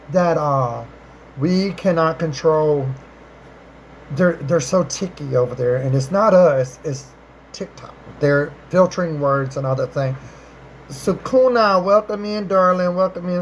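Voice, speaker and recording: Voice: slight background noise, rough recording. An adult live-stream host chatting casually with viewers, affectionate and talkative, calling everyone darling and baby, often rephrasing themselves. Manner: chatty, repeats and rephrases, with swooping pitch jumps. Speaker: livestream host answering viewer questions.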